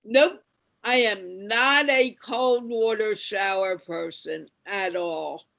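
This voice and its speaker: A woman's voice: medium pitch, takes it slowly, gravelly, a bit bright. A woman chatting in an online club over a video call, emphatic and giggly. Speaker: participant in an online chat club. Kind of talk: casual chat.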